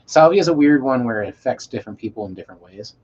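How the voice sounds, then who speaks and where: A man telling a rambling story to a live chat, swearing a lot and trailing off into quiet mumbles. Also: medium pitch, animated, fast talker, slightly rough. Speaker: streamer reading chat. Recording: dull lo-fi mic with faint hiss.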